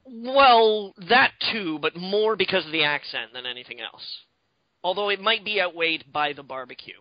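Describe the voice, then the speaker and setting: A man's voice: high-pitched, lively intonation, moderate pace, no echo, dull audio. A man co-hosting a podcast in casual chat, rambling and swearing freely with lots of fillers. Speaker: podcast co-host.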